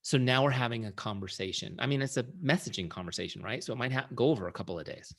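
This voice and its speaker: A middle-aged man who is a founder and sales trainer, giving an energetic, conversational training talk and often checking in with his audience. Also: mid-range voice, quick pace, creaky. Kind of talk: live training presentation.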